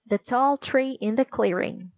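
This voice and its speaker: A woman's voice: on the high side, a little slow, no echo, pitched above the performer's own voice. A woman voicing an earnest young boy who loves watching falcons.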